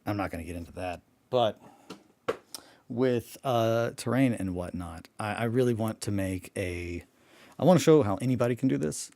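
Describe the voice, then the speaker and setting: A man's voice: lowish voice, animated, moderate pace, mellow. A man who has just woken up, rambling casually about his tabletop hobby, often breaking off and swearing freely. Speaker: hobby vlogger.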